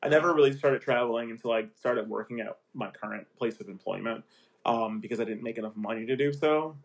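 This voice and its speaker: A man's voice: medium pitch, quick pace, gravelly. A man hosting his own podcast, chatting casually and animatedly, laughing often and slipping into playful voices, sounding a little sniffly. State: sniffly, a bit congested. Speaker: podcast host. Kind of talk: casual chat.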